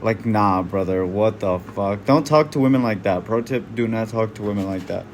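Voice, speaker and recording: A man's voice: on the low side, moderate pace, a little hiss or hum. A man doing casual reaction commentary, blunt and slangy, swearing freely. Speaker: online commentator.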